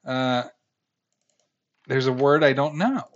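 A man's voice: mid-range voice, takes it slowly. Casual male podcast host in his thirties, wry and rambling, slightly muffled home recording. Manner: rambling, sarcastic about critics, many fillers. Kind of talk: casual film review chat.

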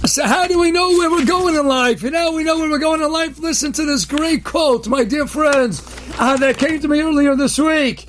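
A man with Orthodox Jewish English speech giving a short inspirational talk, animated, with sudden emphatic near-shouts and many filler sounds. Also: very high-pitched, moderate pace. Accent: Orthodox Jewish English with Hebrew and Yiddish terms. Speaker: rabbi giving daily inspiration.

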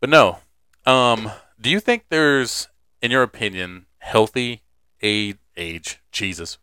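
Crude joking young man, bright crisp voice. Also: medium pitch, takes it slowly, dry recording. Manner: crude, joking, laughs often. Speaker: podcast co-host. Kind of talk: casual chat.

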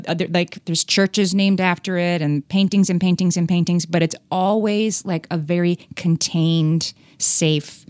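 Woman podcast host, lower voice, chatty and self-correcting, dry studio sound. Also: darkish tone, no room sound. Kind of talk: casual conversation.

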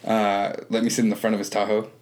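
A man's voice: on the low side, monotone, fast, darkish tone. Laid-back, cursing man telling stories. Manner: laid-back, profane storytelling. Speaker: comedian guest. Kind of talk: casual podcast chat.

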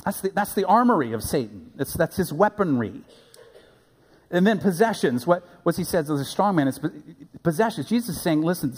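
A man preaching a sermon as a pastor, animated and playful, recorded in a church sanctuary. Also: fairly high pitch, husky, big-room sound.

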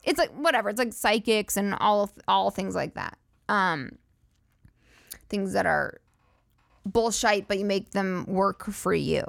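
A woman's voice: mid-range voice, animated, a little slow, vocal fry, no echo, studio quality. A woman hosting a comedy podcast, rambling through profane, giggly riffs. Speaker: podcast host. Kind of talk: casual comedic monologue.

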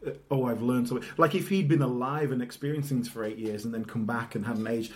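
A British speaker in casual film talk, even and mid-pitched. They pick apart the story thoughtfully and laugh easily along with their co-host. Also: fast. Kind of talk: casual film review chat.

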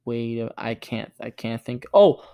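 A man with a smooth, resonant voice co-hosts a relaxed podcast conversation. He gushes and rambles as he talks, eager and loose rather than polished. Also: mid-range voice, slow pace. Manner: enthusiastic, rambling, gushing. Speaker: podcast co-host. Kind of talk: casual chat.

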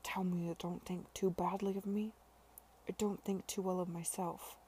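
A woman voicing a troubled, regretful young gentleman in a hushed, heavy manner while reading a novel aloud. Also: fairly low pitch, level tone, normal speed, a little hiss or hum, natural voice.

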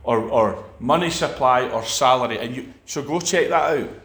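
A man's voice: medium pitch, moderate pace, a bit bright. Emphatic man preaching in an echoey room. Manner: emphatic, repeats phrases and restarts. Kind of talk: sermon.

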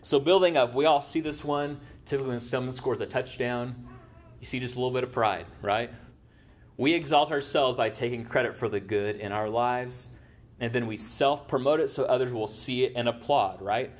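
Speaking at medium pitch and a moderate pace, a pastor delivers his sermon conversationally, regularly checking in with the audience and tagging his points with "right?"

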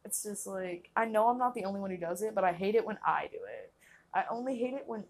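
A woman's voice: mid-range voice, animated, fast talker, darkish tone, slight background noise. A young woman hosting a casual solo podcast, rambling and laughing often, filling her talk with "like". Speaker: podcast host.

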